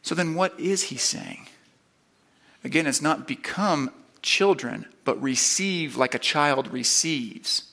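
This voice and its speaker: A man preaching a sermon, emphatic, building to loud repeated stresses and then dropping low and quiet. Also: slow pace, gravelly.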